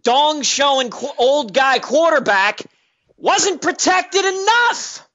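Fired-up guy cussing nonstop on a sports call-in, high bright voice, kinda muffled lo-fi sound. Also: animated, slow. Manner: profane, combative, repetitive ranting. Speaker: caller. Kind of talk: angry sports radio rant. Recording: dull lo-fi radio audio.

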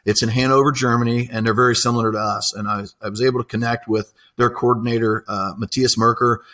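A man's voice: medium pitch, fairly even intonation, fast talker, a bit bright. Enthusiastic man. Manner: enthusiastic, rambling storyteller with many fillers. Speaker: apprenticeship coordinator. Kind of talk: casual interview talk.

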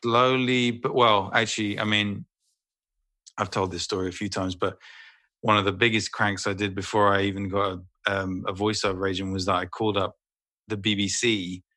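A man telling a casual, animated, self-deprecating story as an interview guest, swearing freely. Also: fairly low pitch, moderate pace. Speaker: voice actor guest.

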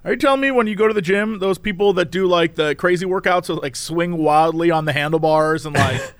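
A man co-hosting a casual podcast, joking playfully with bursts of mock excitement. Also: high-pitched, a little fast, no room sound. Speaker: podcast co-host.

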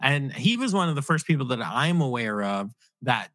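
A man's voice: mid-range voice, very animated, moderate pace, fairly bright tone, dry recording. A man hosting a podcast, joking around in loose casual banter with his co-host. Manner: joking, loose, swears freely.

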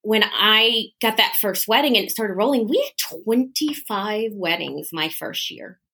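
A woman's voice: medium pitch, unhurried, breathy edge. A woman, a podcast guest telling her business story and acting out quoted voices. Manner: animated, acts out quoted dialogue. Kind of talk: casual storytelling interview.

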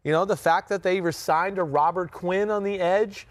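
A man hosting a casual sports podcast, thinking aloud with drawn-out "ooh" sounds and plenty of fillers. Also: high-pitched, steady tone, dry recording. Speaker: podcast host and football analyst.

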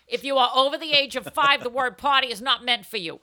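A woman's voice: fairly high pitch, lively intonation, fairly quick, hardly any pauses, pushed and bright. A woman co-hosting a comedy advice podcast, brash and crude in her answers. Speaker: co-host answering advice letters.

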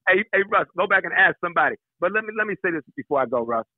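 A man in his sixties, a guest in a casual interview, telling stories in an animated, joking way in a husky voice. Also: sits high, very fast, no room sound. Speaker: actor, guest. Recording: tinny phone line.

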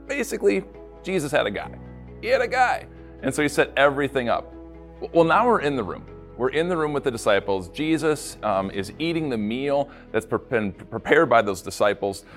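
A man, a pastor, giving a casual devotional talk with animated storytelling and playful asides. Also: medium pitch, brisk, faint music behind.

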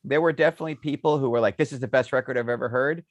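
A man's voice: medium pitch, racing, dry recording, muffled recording. A man co-hosting a podcast, telling stories in casual chat and laughing often. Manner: animated storyteller, laughs often. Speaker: podcast co-host.

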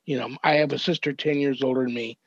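An older man, a reverend, earnestly recounting a family story as a podcast guest, measured and thoughtful with small restarts. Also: medium pitch, steady tone, no room sound. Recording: dull, dry lo-fi audio.

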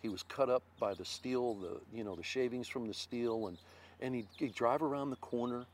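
An older former baseball pitcher from Ohio tells stories as an interview guest, animatedly acting out quotes in a loud voice. His voice is mid-range at normal speed, with slight background noise in the casual interview.

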